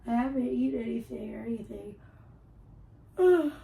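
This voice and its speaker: A woman's voice: on the high side, moderate pace, gravelly, mellow. A woman live streamer chatting casually from her home computer room, swearing freely as she talks. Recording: echoey room, mic at a distance, faint hiss.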